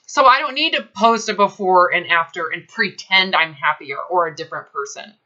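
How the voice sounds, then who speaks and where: A woman coaching a client in a blunt, emphatic way, swearing casually as she presses her points. Her voice sits a little low but sounds bright and forceful. The recording is dull and lo-fi. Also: normal speed. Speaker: health coach. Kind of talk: coaching session.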